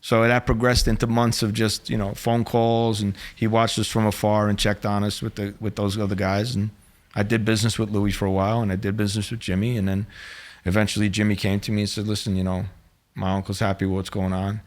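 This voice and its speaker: A man's voice: lowish voice, flat delivery, brisk. Streetwise middle-aged man telling a story. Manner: casual, streetwise, blunt, with frequent fillers. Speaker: former undercover agent, podcast host. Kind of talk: storytelling in a podcast interview.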